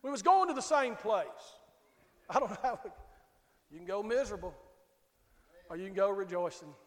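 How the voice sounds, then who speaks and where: A man's voice: high-pitched, lively intonation, moderate pace, fairly bright tone. A male pastor with a Southern US accent preaching a sermon, telling folksy stories and calling out to the congregation. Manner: folksy storytelling, calls out to the congregation. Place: church sanctuary. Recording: reverberant church hall.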